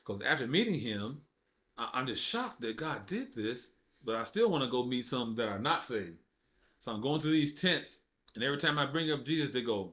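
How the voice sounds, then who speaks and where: A man telling his faith testimony as a podcast guest, in casual, informal speech, acting out quotes with big swings in his voice. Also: normal speed. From United States. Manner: animated storyteller, acts out quotes with big jumps in pitch; informal speech with dropped verbs. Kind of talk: casual storytelling conversation.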